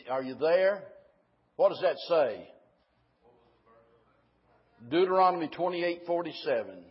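A preacher with a high, husky male voice delivers a sermon, swinging between easy asides and fervent, emphatic peaks. The recording is dull and lo-fi, as if taped in a church.

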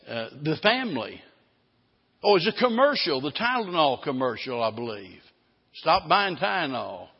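Pastor, male, high-pitched and emphatic, drawn-out stressed phrases, muffled lo-fi church recording. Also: in a large hall. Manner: emphatic preaching, slowing down to stress key phrases. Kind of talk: sermon.

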